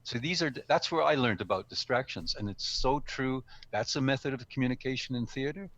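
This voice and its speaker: A man of middle pitch gives friendly, unscripted advice on public speaking. He talks conversationally, pausing with ums and correcting himself as he goes. He comes across as an older, experienced speaker. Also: a bit bright, dry recording, muffled recording. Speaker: guest speaker, speaking coach. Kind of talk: casual instructional talk. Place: live stream studio or room.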